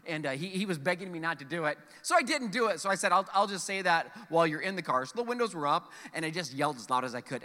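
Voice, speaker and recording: A man in his forties preaching with a high, lively voice that swings up and down as he jokes and acts out the people in his stories. His tone is brilliantly bright and cutting. Long reverb from the church hall trails behind every phrase. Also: fast talker. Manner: animated, joking, acts out quoted voices. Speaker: pastor. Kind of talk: sermon. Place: church sanctuary.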